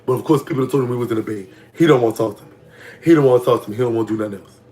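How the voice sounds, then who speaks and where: Gossipy man from Louisiana, Southern accent. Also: very fast. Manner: gossipy and animated, voice jumping high when reacting to comments. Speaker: vlogger telling prison stories. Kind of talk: casual storytime monologue.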